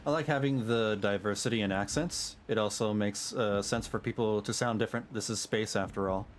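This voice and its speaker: A man's voice: lowish voice, brisk, slight background noise. Chatty man musing over a game stream. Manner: musing, chatty, chuckles at himself. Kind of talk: casual livestream commentary. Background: game music.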